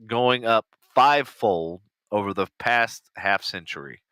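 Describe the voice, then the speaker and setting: Man, podcast co-host; lowish, dry close-mic read with frequent profanity. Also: a little slow, sharp tone, clear, resonant tone, dry recording. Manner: swears freely and laughs while reading. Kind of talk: casual chat, reading out news and posts.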